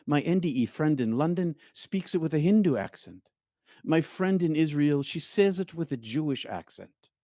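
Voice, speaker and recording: Slow, mellow-voiced man giving a spiritual talk. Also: mid-range voice, no room sound, studio quality. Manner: slow, reflective, drops to near-hushed phrases. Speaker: spiritual speaker and show host.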